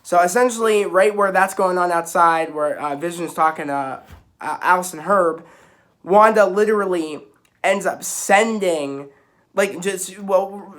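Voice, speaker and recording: A young man at home, excitedly recapping a TV episode to camera in a loose, rambling way full of restarts and fillers. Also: high-pitched. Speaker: YouTuber reviewing a TV episode. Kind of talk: casual spoiler recap to camera. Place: at home with kittens around.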